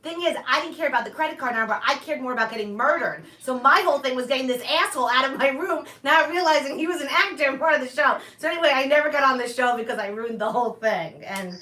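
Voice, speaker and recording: A woman's voice: sits high, fast talker, few pauses, pushed and bright, echoey room, recorded from a distance. A woman from New York hosting a casual chat with her mother, telling a story in a chatty way with frequent laughs. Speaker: host.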